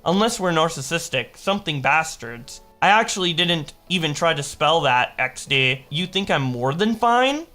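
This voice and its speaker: A young man hosting a commentary video, reading old chat messages aloud in a mocking tone and jumping into quick exaggerated voices for the quoted lines. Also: a little high, very animated, bright, forceful tone, soft background music. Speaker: commentary host.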